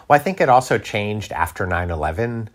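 A man's voice: fairly low pitch, expressive, fairly quick. A middle-aged man talking in a casual interview, rambling with restarts and fillers. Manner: rambling, many restarts and fillers, laughs often. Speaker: guest, food writer.

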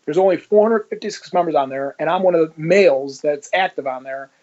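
A man's voice: a little high, brisk, highs cut off. A man, a former police officer, being interviewed and telling his story in a conversational way, acting out the dialogue. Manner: animated, acts out dialogue in his stories.

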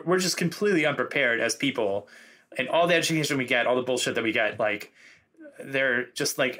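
A man's voice: medium pitch, fairly bright tone. A man being interviewed as a guest writer, talking in a loose, reflective way with many fillers. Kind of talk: casual conversational interview.

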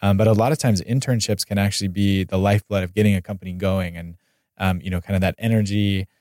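A man with a fairly low American voice hosts a casual podcast chat. He rambles, restarts his sentences and leans on fillers. The sound is dry and close. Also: steady tone, quick pace, darkish tone, no room sound. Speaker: podcast host.

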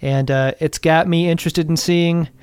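Upbeat man with a slightly high voice. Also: steady tone, moderate pace, a little mellow, smooth, no room sound, clean studio sound. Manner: upbeat, enthusiastic, playful teasing. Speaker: podcast co-host. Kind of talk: casual chat.

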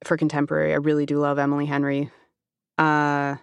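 A woman, an audiobook narrator and author, chatting quickly as a guest with many fillers. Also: low voice, monotone, gravelly, clean tone, no echo, clean studio sound. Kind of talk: casual interview chat.

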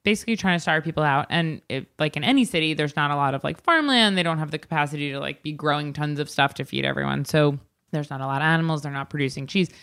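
This is a young woman co-hosting a podcast, talking in casual chat and laughing often. Her voice sits low and sounds smooth and resonant. She tells the story in a loose, profane way. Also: fast, hardly any pauses, fairly bright tone. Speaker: podcast co-host.

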